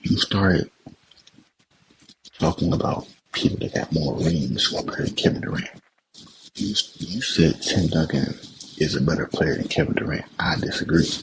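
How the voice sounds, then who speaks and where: A man's voice: very deep voice, normal speed, slight background noise, rough recording. A young man hosting a podcast, delivering a heated sports rant that repeats itself and turns to swearing. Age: young adult. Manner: heated, repetitive, swears when upset. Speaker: podcast host. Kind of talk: ranting sports commentary.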